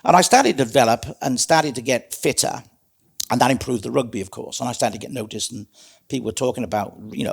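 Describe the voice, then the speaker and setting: Gravelly middle-aged man. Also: mid-range voice, fast talker. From South Wales. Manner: earnest, plain-spoken, calls the host mate. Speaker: guest. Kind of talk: candid storytelling interview.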